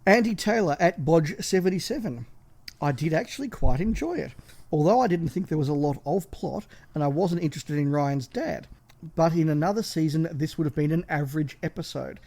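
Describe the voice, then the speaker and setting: A man, co-hosting a casual podcast chat and giving measured opinions point by point. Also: fairly high pitch, expressive, a little mellow. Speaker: podcast co-host.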